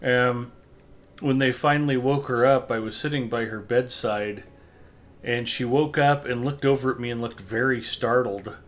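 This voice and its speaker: A man's voice: mid-range voice, steady tone, moderate pace. A middle-aged man hosting a gaming livestream, chatting casually and telling wry, joking anecdotes. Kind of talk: casual chat while gaming.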